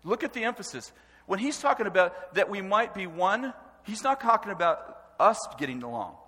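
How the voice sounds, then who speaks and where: Man preaching in a church, high bright voice, emphatic and animated, big hall echo. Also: moderate pace, husky. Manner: animated, emphatic preaching with rising shouted stresses. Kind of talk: sermon. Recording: long hall reverb.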